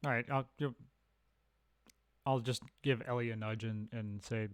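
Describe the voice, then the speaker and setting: A man's voice: medium pitch, fairly even intonation, measured pace, no room sound, studio quality. A man playing a tabletop game, talking in a laid-back, matter-of-fact way. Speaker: player. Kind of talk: casual tabletop play.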